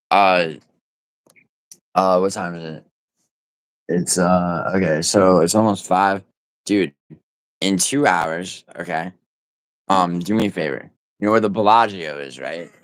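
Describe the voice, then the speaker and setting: Very deep, smooth-voiced man bantering with chat. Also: no room sound. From United States. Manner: rambling, teasing, profane banter. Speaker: livestreamer reading chat. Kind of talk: casual livestream chat with viewers. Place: at home.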